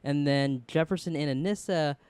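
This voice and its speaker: A man's voice: on the high side, normal speed, a little mellow, clear, resonant tone, no room sound. A man recapping a TV episode in casual chat, rambling with fillers and quoting characters in put-on voices. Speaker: show reviewer.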